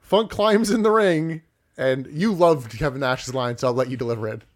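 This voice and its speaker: A man's voice: mid-range voice, normal speed. A man co-hosting a casual podcast, recapping wrestling matches play by play with wry asides. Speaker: podcast co-host.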